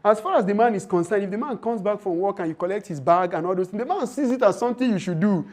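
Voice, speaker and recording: A man with a high-pitched voice lectures on relationships in a training session. He speaks emphatically and preachily, and he acts out the lines of husbands and wives as he goes. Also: lively intonation, quick pace, darkish tone. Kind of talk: training talk to women.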